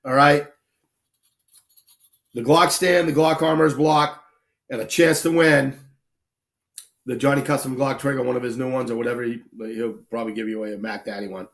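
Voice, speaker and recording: A man's voice: mid-range voice, fairly even intonation, moderate pace, long pauses, fairly bright tone. A man hosting a casual livestream as a shooting instructor, blunt and swearing freely as he tells stories. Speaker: shooting instructor and stream host.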